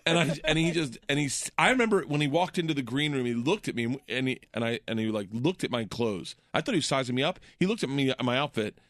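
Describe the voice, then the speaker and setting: A man telling comic stories in casual chat. He laughs often and jumps into excited voices when quoting people. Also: quick pace, few pauses, no echo, studio quality. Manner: animated, laughs often, does high excited voices in quotes. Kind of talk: casual comedic storytelling.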